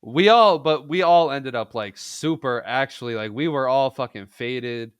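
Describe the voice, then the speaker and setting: A man's voice: medium pitch, a little slow, smooth, no room sound. A man co-hosting a casual podcast, telling a story in a loose, profane way and laughing as he goes. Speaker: podcast co-host. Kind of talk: casual chat.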